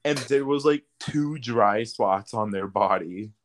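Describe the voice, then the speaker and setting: A man's voice: on the low side, slow pace, a loud crowd. A young man hosting a podcast, telling stories in casual chat and laughing often. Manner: animated storytelling, laughs often. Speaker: podcast host.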